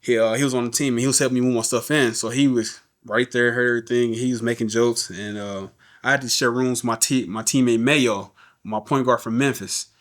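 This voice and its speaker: An adult man with a medium-pitched, fairly even voice speaks fairly quickly as a podcast guest, candidly telling his life story in a loose, casual way. He often repeats words and asks "you know what I'm saying."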